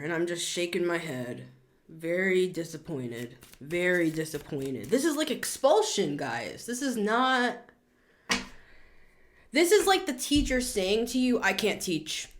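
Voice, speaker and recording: A woman in her thirties gives a blunt, scolding tarot reading as a casual monologue. Her very animated voice moves at a moderate pace, and she's emphatic, breaking into sudden high outbursts.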